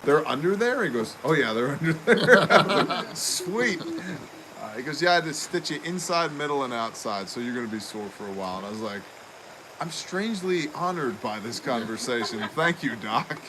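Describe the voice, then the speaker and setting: A man in the middle pitch range tells stories to friends in a casual show, animated and quick to act out other people's lines. There is a clear hiss of noise behind him on the recording. His talk rolls along easily from one story to the next. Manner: animated, acts out quoted people. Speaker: show host.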